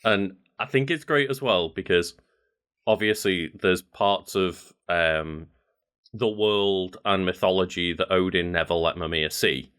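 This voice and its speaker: A male podcast co-host with a lowish voice talks loosely about a video game. He rambles, laughs often, and pauses to grope for the right words. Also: fairly bright tone, smooth. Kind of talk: casual gaming chat.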